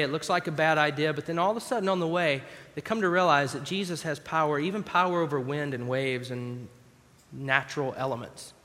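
In a long, reverberant hall, a male pastor delivers a conversational sermon, dramatizing scenes from scripture as he reads them. His voice is on the high side and a bit bright.

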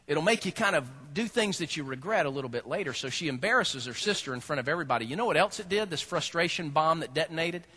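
A male pastor preaching a sermon, animated and humorous as he tells the story. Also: on the high side, slightly rough.

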